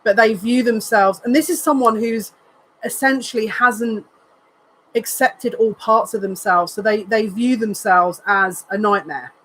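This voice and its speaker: An earnest tarot reader working through a live card spread. They think aloud in short, repeated phrases, and their voice sits at a middle pitch with a faint hiss of background noise. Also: steady tone, unhurried, a bit bright, low-quality recording. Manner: emotional, says they are near tears.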